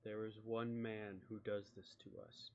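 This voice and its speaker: A man narrating as game master, describing scenes in a calm, even way. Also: lowish voice, a little slow, muffled recording, a little hiss or hum.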